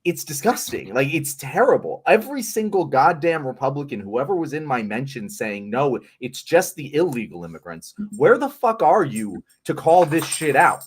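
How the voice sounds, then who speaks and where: Angry young man ranting, husky voice. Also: on the high side, big pitch swings, normal speed, hardly any pauses. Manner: angry, swearing, emphatic rants. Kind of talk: heated political chat.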